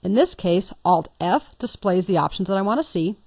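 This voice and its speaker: A woman's voice: mid-range voice, animated, normal speed, a little mellow, dry recording, studio quality. A woman instructor talking through a computer tutorial step by step, patient and lightly playful. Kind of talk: screen-recorded software tutorial.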